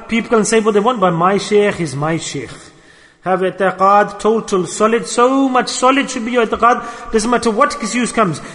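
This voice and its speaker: A man delivers a storytelling sermon with a high-pitched voice. He is earnest and repeats key phrases for emphasis. His voice rings out with a long hall reverb. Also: sharp tone. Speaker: preacher.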